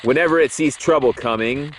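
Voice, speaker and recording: A man's voice: mid-range voice, fairly quick, a bit bright, a little hiss or hum. A man hosting a paranormal investigation show, narrating a ghost hunt in an earnest, plain-spoken way.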